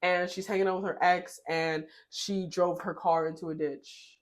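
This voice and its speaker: A young woman vlogger telling a casual, animated story in her kitchen while baking. She talks in a slangy, candid way and laughs often. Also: lowish voice, moderate pace.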